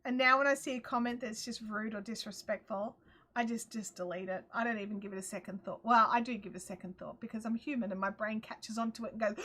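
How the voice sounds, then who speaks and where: A woman with an Australian accent hosting a live craft chat, chatty and quick to laugh as she answers viewer comments. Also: on the high side, steady tone, sharp tone. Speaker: host.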